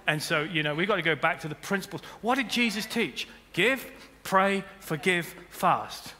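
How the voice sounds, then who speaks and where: A man preaching a sermon as pastor, building to loud emphatic peaks. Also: high-pitched, lively intonation, moderate pace. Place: church auditorium. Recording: long hall reverb with faint music.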